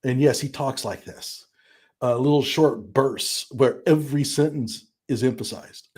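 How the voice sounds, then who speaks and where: A man's voice: medium pitch, measured pace, darkish tone, husky. A man hosting a live stream, chatting casually and mockingly, with frequent laughs and fillers.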